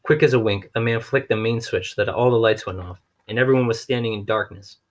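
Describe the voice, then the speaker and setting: A man reading a children's novel aloud in a steady, wry way, with occasional restarts. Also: on the low side, quick pace. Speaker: audiobook reader.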